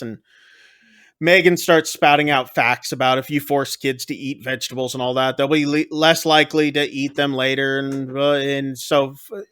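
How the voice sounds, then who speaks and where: Bright-voiced man rambling through a plot recap. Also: medium pitch, fairly even intonation, a little slow, clean tone. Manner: rambling recap, acting out characters' lines with many fillers. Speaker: podcast co-host recapping a film. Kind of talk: casual chat.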